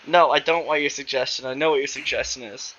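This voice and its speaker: A man's voice: medium pitch, fairly even intonation, fast, a bit bright, slight background noise. A young man from Canada telling stories about his past, rambling, laughing often and swearing freely. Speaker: podcast host. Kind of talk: casual storytelling. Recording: slightly muffled recording.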